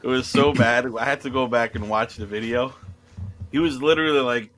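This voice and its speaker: A man co-hosting a casual podcast, telling animated stories and laughing through them. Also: mid-range voice, fairly quick. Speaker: podcast co-host. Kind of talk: casual chat.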